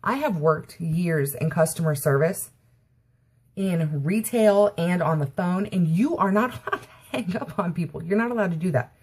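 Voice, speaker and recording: A woman's voice: lowish voice, moderate pace, darkish tone, slightly rough. A woman vlogger telling an indignant story-time rant and constantly quoting what she said.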